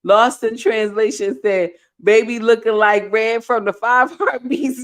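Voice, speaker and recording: A middle-aged woman hosting a live stream, reading viewer comments aloud with animated, playful scolding. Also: on the high side, unhurried, hardly any pauses. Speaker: host.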